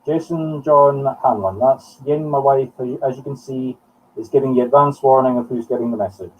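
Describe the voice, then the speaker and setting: A Scottish man working as a medium on a live broadcast, talking in halting short phrases as he thinks aloud. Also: mid-range voice, fairly even intonation, recorded from a distance, slight background noise. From Scotland. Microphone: streaming from home. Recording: muffled sound from off the mic.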